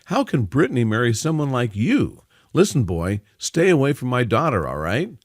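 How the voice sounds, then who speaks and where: A man's voice: on the low side, big pitch swings, moderate pace, no echo, clean studio sound. A man voicing a blunt, stern businesswoman in her forties who does not sugarcoat things. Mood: angry.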